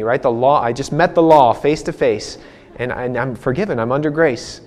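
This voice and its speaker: A man's voice: mid-range voice, normal speed, a little mellow. Male preacher, casual sermon, chatty, restarts a lot, laughs at himself. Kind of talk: sermon with personal story.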